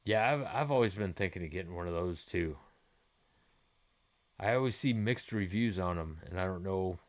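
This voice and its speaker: A man's voice: deep voice, moderate pace. A man in his forties hosting a gaming live stream, chatting with viewers in a rambling, laid-back way and swearing freely.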